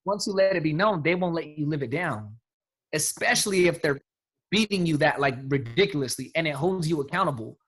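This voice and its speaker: A man's voice: fairly high pitch, expressive, fairly quick, fairly bright tone, slightly rough. A man coaching his sales team on a call, talking emphatically in casual slang. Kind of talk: motivational talk on a team call.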